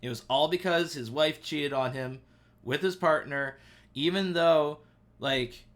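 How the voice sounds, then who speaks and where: Excitable, rambling man on a live stream. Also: fairly high pitch, measured pace. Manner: rambling and excitable, heavy on fillers. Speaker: livestream host. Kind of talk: casual live-stream chat. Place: at home.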